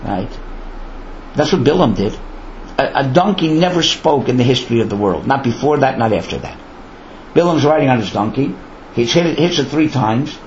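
A man's voice: medium pitch, expressive, normal speed, a little hiss or hum. A man teaching a Torah lecture in a conversational way, often asking rhetorical questions. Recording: roomy, dull lo-fi with faint ambience.

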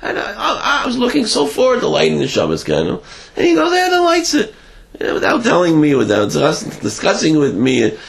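A man voicing an indignant young newlywed bride, shrill and exasperated. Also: wildly swooping pitch, brisk, vocal fry, heavily acted. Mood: distraught.

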